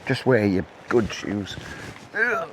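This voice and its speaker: A man's voice: mid-range voice, measured pace, slight background noise. A middle-aged man talking to his camera as he walks woodland paths, rambling with jokey asides. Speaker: vlogger. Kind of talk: casual vlog talk to camera. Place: outdoors on woodland and coastal paths.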